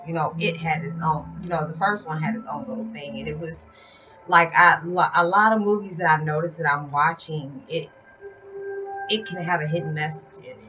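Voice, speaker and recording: A woman's voice: sits low, fairly even intonation, normal speed. A woman talking casually and confidingly to her channel about spiritual matters, in a rambling, heartfelt way. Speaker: vlogger. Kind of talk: casual spiritual vlog talk. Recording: slightly dull lo-fi sound with music behind. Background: music.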